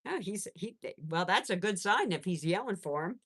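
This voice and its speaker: A woman's voice: medium pitch, animated, normal speed, a bit bright. A woman hosting a casual live stream from home on her phone, chatting with viewers and cooing at her pets. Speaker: pet channel host.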